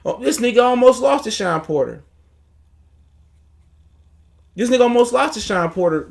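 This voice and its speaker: A man's voice: extremely high pitch, lively intonation, fast, gravelly. A man hosting a casual boxing livestream, ranting in a heated, profane, mocking way. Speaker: boxing talk show host.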